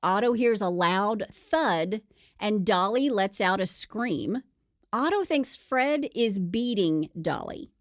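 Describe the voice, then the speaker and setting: A woman's voice: mid-range voice, expressive, slow pace, no room sound, studio quality. A woman co-hosting a podcast, telling a true crime story casually and acting out the quotes with playful voices.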